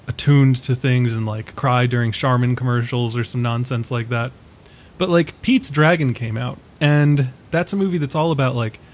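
Drily opinionated man, steady voice. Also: medium pitch. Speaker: podcast co-host. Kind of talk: casual film discussion.

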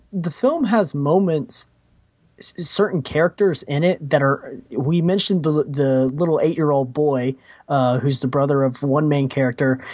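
A man co-hosting a film podcast in casual chat, halting and often restarting his sentences. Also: a little high, darkish tone, slightly rough, dry recording, clean studio sound.

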